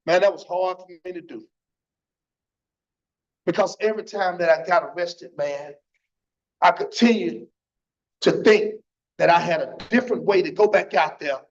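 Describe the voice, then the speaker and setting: Fervent high-voiced man testifying. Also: normal speed, long pauses. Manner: fervent, repeats phrases, tags lines with "man". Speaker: church testimony speaker. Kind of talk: impassioned church testimony. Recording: dull lo-fi church stream.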